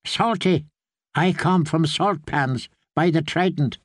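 A man's voice: fairly high pitch, slow, dry recording, studio quality, pitched above the performer's own voice. A man reading an audiobook, voicing a stubborn, wary young girl who gives terse, guarded answers. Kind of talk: audiobook character voice.

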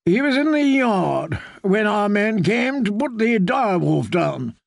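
A coldly courteous knight, played by a man, speaking in a raised, dry, gravelly voice. He stays polite but insistent, a reserved storybook soldier. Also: high voice, very animated, a little slow, no echo, pitched above the performer's own voice, full character voice. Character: cold, courteous male bastard knight.

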